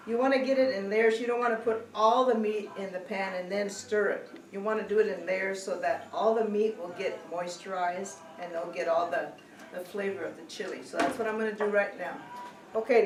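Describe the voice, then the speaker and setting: Chatty middle-aged woman in an echoey kitchen. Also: mid-range voice. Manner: chatty, keeps saying okay, corrects herself mid-sentence. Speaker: home cook teaching a family recipe. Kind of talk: casual cooking demonstration. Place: home kitchen. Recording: echoey room, distant mic, faint hiss.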